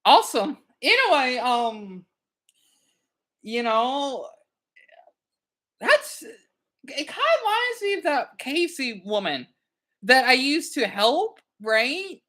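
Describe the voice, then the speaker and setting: A man's voice: extremely high pitch, sing-song, slow pace, long pauses, sharp tone. A man streaming live, chatting casually in a rambling way, stammering and repeating words as he goes.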